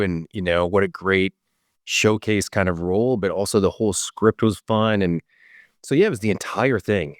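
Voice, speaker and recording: A man's voice: low voice, normal speed, no echo, studio quality. A man, an actor guest in an interview, telling his story in an enthusiastic, rambling way. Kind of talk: casual interview answers.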